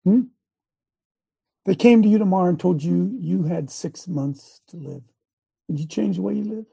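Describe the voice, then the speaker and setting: A man hosting a talk show in a preachy, rambling rant. He swings from loud outbursts to low asides and restarts his sentences often. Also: normal speed, vocal fry, breathy edge. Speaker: show host.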